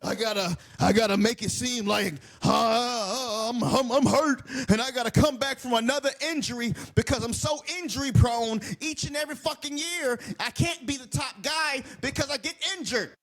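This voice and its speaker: A man's voice: very high-pitched, normal speed, hardly any pauses, fairly bright tone. A man putting on a mocking voice of a whiny, self-important male wrestler who stammers and talks down to others.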